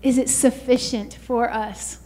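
High voiced woman preaching, fervent, keeps saying you guys and hallelujah. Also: fairly even intonation, a little slow, warm tone. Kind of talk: sermon.

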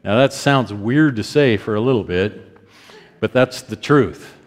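A man in his fifties preaching a sermon with strong emotion, his pitch climbing when stirred and his voice softening as he acts out prayers of repentance. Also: a little slow. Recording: long hall reverb.

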